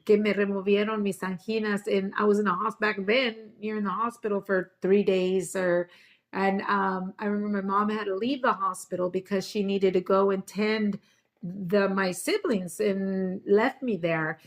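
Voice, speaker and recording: A woman's voice: medium pitch, steady tone, normal speed. Woman instructor, bilingual class talk, switches languages mid-thought, casual restarts. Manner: switches between English and Spanish, with fillers and restarts. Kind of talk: bilingual class talk, English then Spanish.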